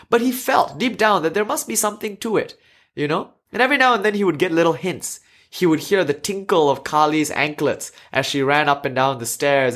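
A man's voice: a little high, fairly bright tone. A man giving a conversational lecture, telling a story earnestly with asides and fillers.

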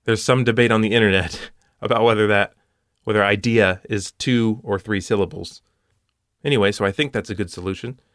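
A man with a fairly low voice hosts a puzzle show, reasoning through each solution in a steady, methodical way. He drops dry puns along the way. The sound is close and dry, with no room around it. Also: a little fast, no echo. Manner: methodical, with dry punning asides.

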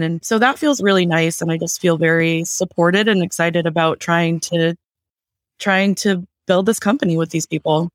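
A woman's voice: fairly low pitch, steady tone, moderate pace, no echo. Woman podcast guest, enthusiastic, rambling, dry close sound, remote call mic. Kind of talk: casual podcast chat.

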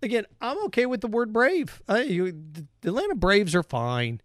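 A man's voice: sits high, wildly swooping pitch, moderate pace, a bit bright, no room sound, studio quality. A man hosting his own podcast, delivering a sarcastic, repetitive opinion rant straight to his listeners. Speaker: podcast host.

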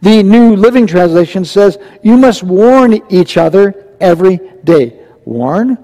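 A man's voice: high-pitched, expressive, a little slow, mellow. A male pastor preaching a verse-by-verse sermon in a conversational, emphatic way, often asking the congregation questions. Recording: long reverb from a large hall.

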